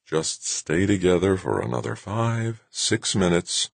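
A man voicing a calm male team leader who coaxes softly. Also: very deep voice, moderate pace, slightly rough, dry recording, heavily acted. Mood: coaxing. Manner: soft, cooing, half-whispered. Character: calm male project leader, coaxing and steady.

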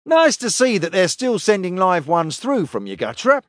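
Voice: mid-range voice, big pitch swings, moderate pace, dry recording, clean studio sound, voice pushed up, close to an everyday voice. Man doing a wry, teasing stranger.

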